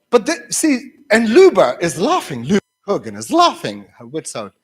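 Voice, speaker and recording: Animated male lecturer. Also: sits high, moderate pace, hardly any pauses, husky. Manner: animated storyteller, many fillers and restarts; acts out students' voices when quoting. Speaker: university lecturer. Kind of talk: lecture with classroom anecdotes.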